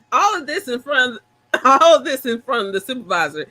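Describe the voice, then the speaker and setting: A woman co-hosting a casual chat, telling stories in an animated way and acting out the dialogue. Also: high-pitched, very slow, pauses often, no echo, poor audio.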